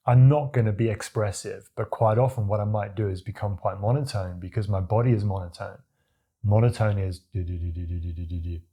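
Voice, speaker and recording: A man from Australia with a deep voice, coaching viewers on confident speaking in a demonstrative, animated way. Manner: demonstrative, animated, acts out examples with his voice. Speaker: communication coach. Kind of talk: talking-head tutorial to camera.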